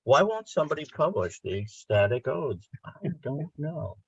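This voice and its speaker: A man, a poet, reading his verse with a rhythmic, dramatic delivery, then chatting in a halting way over a laptop microphone. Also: fairly high pitch, big pitch swings, slightly rough. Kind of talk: poetry reading and casual chat. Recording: dull lo-fi sound.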